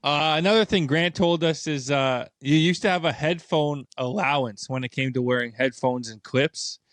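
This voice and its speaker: A man hosting a podcast, asking a guest questions in a relaxed way with a few fillers. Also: a little high, normal speed, no room sound. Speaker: podcast host. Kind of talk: interview questions. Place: podcast studio.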